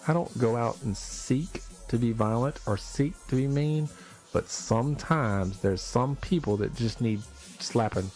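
A man's voice: medium pitch, unhurried, a little mellow, faint music behind. A man hosting a casual live stream, talking in an emphatic, fired-up rant.

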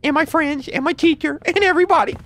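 A man's voice: quick pace, fairly bright tone, slight background noise. A man putting on the voice of a lonely, needy eight-year-old boy, trolling strangers over voice chat. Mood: whiny. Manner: high childish pleading, needy and pestering.

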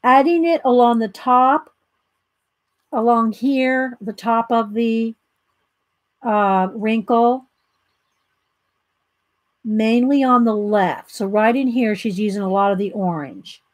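During her casual live coloring tutorial, a Southern-accented American woman chats, laughs easily, greets viewers by name and reads steps aloud between comments. Her fairly high voice is slow and pausing often, with no echo.

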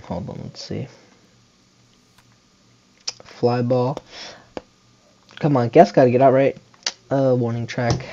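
A man's voice: mid-range voice, slow, long pauses, a little hiss or hum. Young man muttering game commentary, dull mic. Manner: muttering play-by-play with sudden excited shouts. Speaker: gaming channel host. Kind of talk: casual gameplay commentary.

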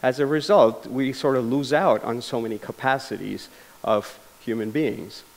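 A man's voice: mid-range voice, moderate pace. A man giving a public lecture, telling stories earnestly, with frequent restarts and fillers. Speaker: lecture speaker. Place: lecture hall.

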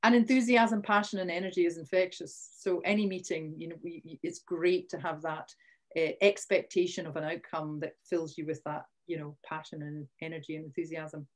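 A woman's voice: deep voice, steady tone, moderate pace. Scottish woman, online workshop presenter, chatty, restarts sentences, punches key words, video call mic. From Scotland. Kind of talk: live online training talk.

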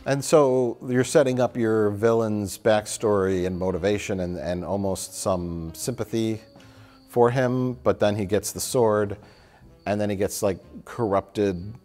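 Very low voiced guy rambling through a movie plot, casual and sweary. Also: darkish tone. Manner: rambling, lots of fillers, swears. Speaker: film reviewer, co-host. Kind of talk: casual chat.

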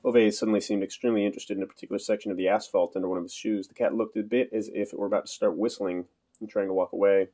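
A man reading an audiobook aloud. His telling is dry and understated, and it moves at a quick pace. His voice is low, with a dark, mellow tone. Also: steady tone. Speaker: audiobook narrator. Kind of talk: scripted narration.

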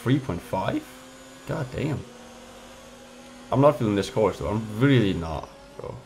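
A man's voice: on the low side, big pitch swings, a little slow, creaky, a little mellow, slight background noise. A man giving casual gameplay commentary, frustrated, swearing and trash-talking his rivals. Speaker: gamer.

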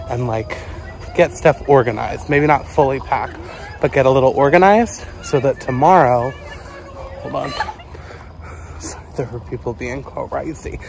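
A man chatting to a handheld camera in a casual, rambling way, full of fillers and asides. His voice sits at a middle pitch. A faint hum of background noise runs underneath. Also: a little mellow. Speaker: vlogger. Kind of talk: casual vlog narration. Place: walking around a resort, then a hotel room.

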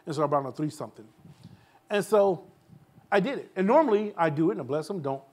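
A male pastor tells a personal story at an informal church Q&A, speaking fast in a highish, expressive voice with a darkish tone. He acts out the voices of the people involved and laughs at his own jokes.

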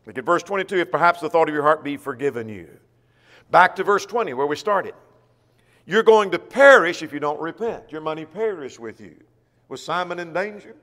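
Preacher man with a higher voice, reverberant church. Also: lively intonation, a little fast, a bit bright. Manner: reads scripture aloud and asks the congregation rhetorical questions. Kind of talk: sermon. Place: church auditorium.

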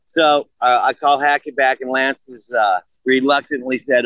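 Speaking at a normal speed in a mid-range voice, a sixty-something man on a podcast animatedly retells a story loaded with swearing and quoted dialogue. His delivery is casual. There's no echo, but the audio is poor.

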